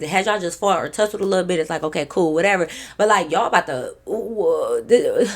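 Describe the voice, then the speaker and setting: Animated young woman telling a storytime. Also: fairly low pitch, a little fast. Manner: animated, profane, conversational with many fillers. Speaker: storytime vlogger. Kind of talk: casual storytelling.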